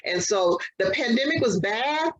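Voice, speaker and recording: A woman's voice: on the high side, animated, unhurried, low-quality recording. A woman guest in an interview, telling her personal story earnestly in casual conversation. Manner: earnest storytelling, acts out quoted exchanges.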